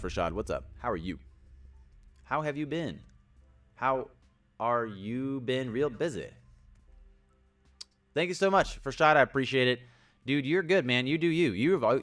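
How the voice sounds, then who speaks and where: A young man hosting a casual livestream, rambling and energetic, greeting viewers by name and sometimes yelling. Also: medium pitch. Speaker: livestream host.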